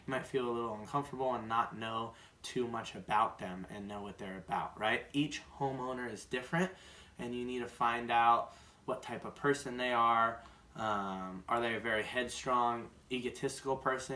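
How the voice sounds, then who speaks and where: A man's voice: mid-range voice, fairly bright tone, slight background noise. Man, casual sales coaching, keeps saying right, roomy echo, mic set back. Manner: conversational, tags sentences with "right?". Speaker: solar sales trainer. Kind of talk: casual instructional talk. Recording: roomy echo, distant mic, faint ambience.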